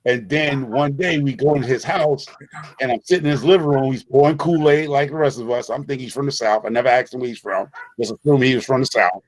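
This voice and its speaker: A man's voice: medium pitch, fast. A middle-aged man from the Bronx, a guest in a casual conversation, telling stories emphatically with many repeats and restarts. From the Bronx, New York. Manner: emphatic, repetitive storyteller with frequent restarts.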